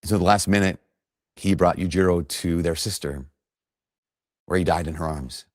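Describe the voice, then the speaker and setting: Deep-voiced man preaching a sermon. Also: moderate pace, dry recording, clean studio sound. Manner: earnest storytelling with rising emphasis.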